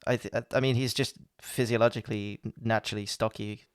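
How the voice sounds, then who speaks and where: A man co-hosting a casual podcast chat, full of quick, teasing banter. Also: fairly low pitch, steady tone, clear, resonant tone, dry recording, clean studio sound. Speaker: podcast co-host.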